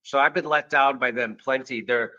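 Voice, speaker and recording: A man hosting a podcast, telling stories in a casual, animated and profane way, acting out the dialogue. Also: medium pitch, normal speed, lo-fi sound. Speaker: podcast host. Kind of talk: casual storytelling chat.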